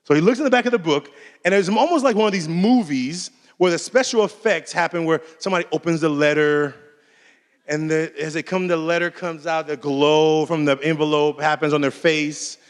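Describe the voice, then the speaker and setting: A man's voice: on the high side, moderate pace. A man giving a keynote talk, telling a personal story in a casual, conversational way and acting out the dialogue. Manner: animated, acts out dialogue in different voices. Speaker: keynote speaker. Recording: long hall reverb.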